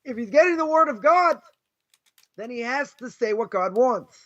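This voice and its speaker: In a dull lo-fi recording, a rabbi with a Boston accent gives an informal Torah class, his very high-pitched voice expressive, slightly bright, and at normal speed. He makes his case with rhetorical questions and keeps repeating key phrases to stress them.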